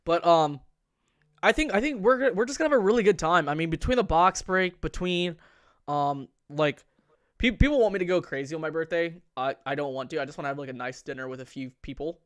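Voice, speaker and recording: Young man, podcast host, rapid-fire, slightly high voice, eager casual chat. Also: animated, clear, resonant tone, no echo. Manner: quick, chatty, eager, many restarts.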